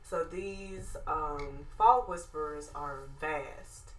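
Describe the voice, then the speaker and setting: A woman from Alabama with a Southern accent, co-hosting a casual podcast chat, sassy and animated, laughing often. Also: low-pitched, drawn-out words. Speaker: podcast co-host. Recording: echoey room.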